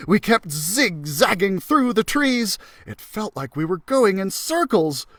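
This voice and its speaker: A man reads a children's story aloud with lots of bounce, his voice rising and falling through each sentence. He sits on the high side and takes it unhurried. The sound is close and dry. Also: dry recording. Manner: animated, expressive storytelling. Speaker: children's librarian reader.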